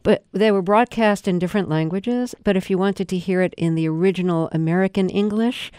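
An interviewer asking measured, thoughtful questions in a conversational interview. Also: medium pitch, a little mellow, clean tone, dry recording, studio quality.

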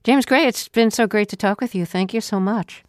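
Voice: mid-range voice, normal speed, no room sound, studio quality. A radio interviewer holding a conversation, curious and asking direct questions.

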